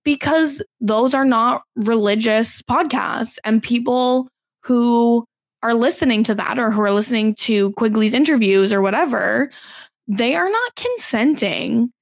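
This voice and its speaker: A woman's voice: fairly high pitch, animated, a little slow, no echo. A woman co-hosting a podcast in casual, opinionated chat, saying "like" often. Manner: conversational, opinionated, uses "like" often. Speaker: podcast co-host.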